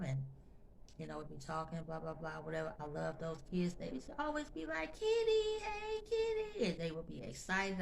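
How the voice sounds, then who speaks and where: A woman vlogger with a deep, gravelly voice and a slight hiss or hum in the audio tells her viewers a personal story. She's chatty and emotional, often addressing them directly and repeating phrases for emphasis, and grows intense as she recounts events.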